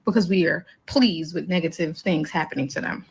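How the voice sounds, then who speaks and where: A woman's voice: on the low side, fairly quick, vocal fry, husky, low-quality recording. A woman giving an emphatic opinion monologue, making numbered points in blunt, profane slang. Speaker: commentator.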